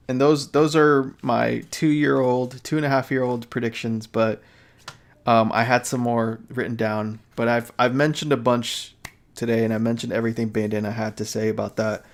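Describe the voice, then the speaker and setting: A man's voice: medium pitch, creaky. A tired young man chatting casually on a live stream, rambling with many fillers, restarts and laughs. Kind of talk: casual chat.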